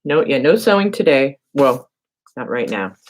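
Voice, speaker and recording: This crafting channel host has a very deep voice and a moderate pace, and the audio quality is poor. Running a laid-back live demo, she chats with viewers, mocks herself, and muses out loud while working. Clicks and constant background noise come through.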